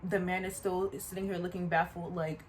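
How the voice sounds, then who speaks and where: Casting note: lower-voiced woman, chatty storytime vlogger, animated delivery, faint hum behind. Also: normal speed. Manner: animated, chatty, repeats asides to the viewer. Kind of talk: casual storytime.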